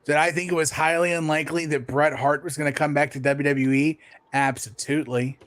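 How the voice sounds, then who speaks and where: A man in a casual podcast chat, opinionated and quick with short replies. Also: a little high, steady tone, fairly bright tone.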